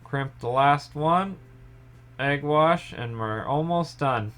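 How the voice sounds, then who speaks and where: A young man in his home kitchen, calmly explaining each step of a pie recipe in a casual tutorial. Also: fairly high pitch, slow. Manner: relaxed step-by-step explaining, trailing off softly. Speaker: home baker.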